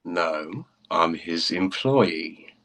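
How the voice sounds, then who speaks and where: A man's voice: low voice, lively intonation, drawn-out words, a bit bright, heavily acted. A man voicing a cocky young male rock star with a Manchester accent that slides into Cockney, in a duet audiobook reading. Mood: cool. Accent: Manchester slipping into Cockney.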